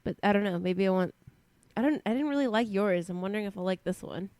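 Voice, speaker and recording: A woman co-hosting a podcast in casual chat, sounding stuffy and nasal from a cold, chatty and quick to laugh. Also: medium pitch, lively intonation, darkish tone, no room sound. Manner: chatty, laughs easily, many restarts. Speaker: podcast co-host.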